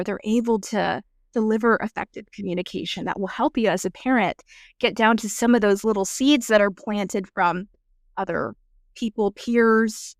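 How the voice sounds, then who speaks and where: A woman's voice: medium pitch, no echo, studio quality. A woman nurse practitioner and mother of a young child explaining her views in a thoughtful, supportive way during a casual podcast conversation.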